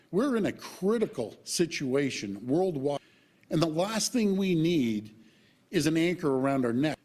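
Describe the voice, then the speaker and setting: A man's voice: medium pitch, a little mellow. A middle-aged man, a provincial premier, giving a press conference statement, stressing words emphatically and repeating himself for effect.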